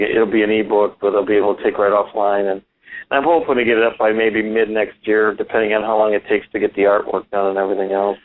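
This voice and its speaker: A man who is a ventriloquist and school speaker, talking enthusiastically as a radio guest, rambling with many restarts. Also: fairly low pitch. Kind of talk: casual radio interview. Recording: tinny phone-line sound.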